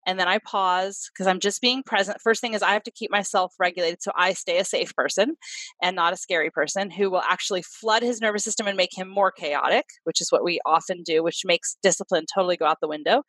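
A woman's voice: lowish voice, fast talker, fairly bright tone, no echo, low-quality recording. A middle-aged woman, a clinician and parenting expert, talks earnestly in a podcast interview and acts out examples as she explains.

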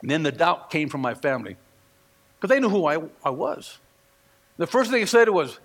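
Bright high-voiced preacher man, gravelly. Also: moderate pace, pauses often. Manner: animated storytelling, acts out quoted voices. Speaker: pastor. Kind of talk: sermon. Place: church. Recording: long reverb of a hall.

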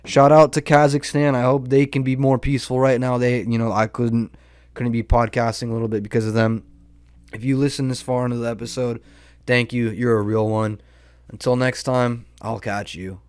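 Speaking at normal speed with a level, medium-pitched voice that is clear, resonant, and a little mellow, a young man hosts a podcast. His casual storytelling monologue rambles, profane and slangy, recorded at studio quality without room sound.

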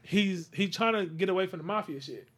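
A man's voice: high voice, brisk, a bit bright, breathy edge. A man hosting a casual podcast, chatting loosely and telling stories with acted-out quotes. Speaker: podcast host. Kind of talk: casual chat.

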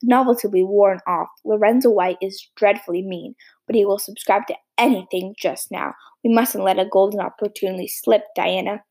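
A woman's voice: mid-range voice, fairly even intonation, brisk, a little mellow, husky. A woman voicing a spirited, imaginative young girl in a storybook reading, speaking firmly and earnestly. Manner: firm, earnest.

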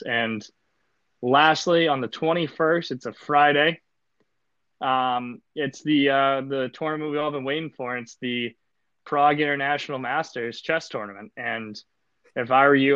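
Casual male podcast co-host, rambling and deadpan, mid-pitched voice, dry and slightly muffled recording. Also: no echo. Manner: laid-back, rambling with many fillers, deadpan joking. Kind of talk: casual sports podcast chat.

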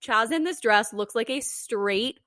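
Young female podcast co-host, storyteller. Animated, crude humor, slightly high voice, dry close sound. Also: measured pace, no room sound. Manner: animated, laughing, crude jokes. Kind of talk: casual storytelling chat.

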